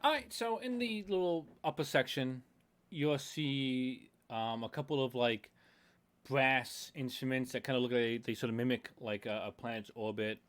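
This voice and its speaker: A man's voice: mid-range voice, moderate pace. A man running a tabletop horror game as game master, describing scenes in a rambling way full of fillers.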